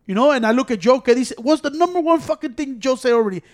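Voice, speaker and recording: High, quick-talking man. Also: animated. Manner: profane, switches between English and Spanish mid-sentence. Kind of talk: casual chat.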